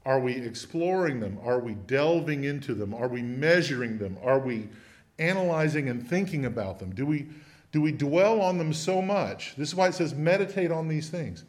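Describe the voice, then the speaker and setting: Man leading a Bible study, mid-pitched, chatty, keeps questioning the group. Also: expressive, normal speed. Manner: asks the group many questions. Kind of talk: conversational Bible teaching.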